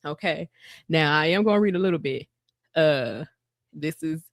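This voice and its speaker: A woman's voice: sits low, normal speed, long pauses, no room sound, clean studio sound. A woman co-hosting a faith podcast, retelling a Bible story in loose, slangy paraphrase and often repeating and restarting her lines. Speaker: podcast co-host. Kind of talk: casual faith podcast chat.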